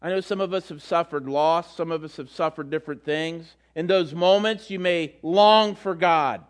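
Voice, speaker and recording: A man's voice: fairly high pitch, moderate pace. A middle-aged man giving a sermon as a pastor, telling stories and acting out the quotes in different voices. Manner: storytelling, acts out quotes with voices.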